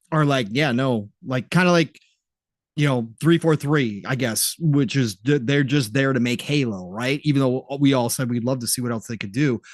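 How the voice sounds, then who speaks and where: A male podcast host in animated, profane casual chat, reading viewer comments. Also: mid-range voice, dry recording, clean studio sound. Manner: animated, profane, quick to laugh.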